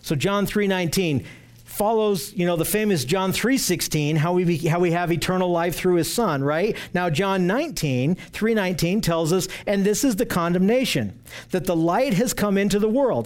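Earnest male Bible teacher with a high voice, slow deliberate scripture reading. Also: darkish tone. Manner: earnest, emphatic, repeats phrases for stress.

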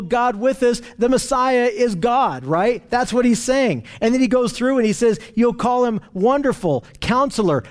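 A man preaching a sermon in an earnest teaching tone, slowing down to stress scripture. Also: very high voice, a little mellow.

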